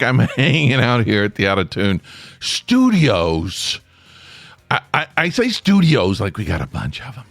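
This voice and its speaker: A man's voice: medium pitch, huge pitch swings, measured pace, creaky, a bit bright, no room sound. A man hosting his own podcast from a small home studio, talking in a rambling, self-deprecating way with lots of restarts. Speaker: podcast host. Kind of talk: rambling solo podcast chat.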